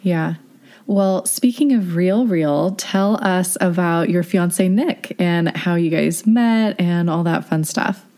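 A woman's voice: lowish voice, takes it slowly, dark tone. A woman hosting a casual interview podcast, asking long, supportive questions. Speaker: podcast host.

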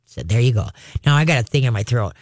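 A man giving casual dog-training advice to a caller, folksy and chatty, often checking in with "all right?" and sometimes slipping into a high coaxing dog-calling voice. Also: animated, fast talker, slight background noise. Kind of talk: casual radio advice chat.

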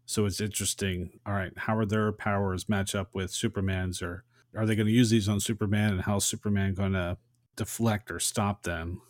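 Low-voiced man recapping a film. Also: moderate pace, no echo, clean studio sound. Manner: animated recapping, acts out short quotes. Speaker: podcast co-host. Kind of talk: casual film discussion.

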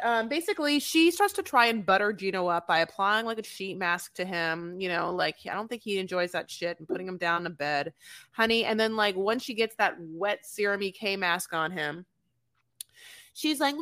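A woman's voice: mid-range voice, lively intonation, moderate pace, a bit bright. A woman co-hosting a podcast, recapping a reality show in gossipy, profane casual chat and calling people "honey". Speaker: podcast co-host.

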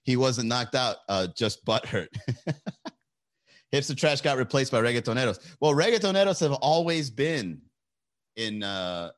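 A man's voice: mid-range voice, expressive, a little slow. A man hosting a casual live stream, rambling, joking and swearing, and laughing often between lines.

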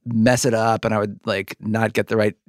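A man's voice: fairly low pitch, level tone, normal speed, no echo, studio quality. A middle-aged man hosting a podcast interview, rambling with many likes and restarts. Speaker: podcast host. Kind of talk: conversational interview.

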